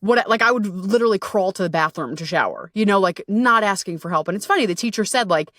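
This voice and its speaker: A woman who is a podcast host and self-love coach tells a story on her own show in a candid, casual style, swearing a lot and filling it with "you know" and "like." Her mid-range voice is expressive, quick and a bit bright. The recording is dry and studio quality.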